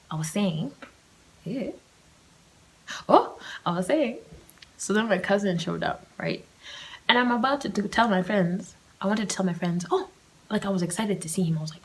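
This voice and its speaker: A woman's voice: mid-range voice, normal speed, long pauses, poor audio. A young woman telling a story on her solo podcast, chatty and slangy, often dropping into a whisper. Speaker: podcast host.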